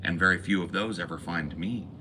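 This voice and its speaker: Deep-voiced man on a profane rant. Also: a little fast, bright, forceful tone, slight background noise. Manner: ranting, preachy, profane. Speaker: podcast host. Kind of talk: impassioned monologue.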